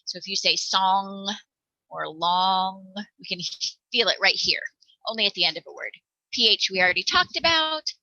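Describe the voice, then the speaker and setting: A woman presenting a phonics lesson for parents, encouraging and demonstrating each sound out loud. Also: mid-range voice, expressive, moderate pace, no room sound, dull audio. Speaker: teacher presenting a parent workshop.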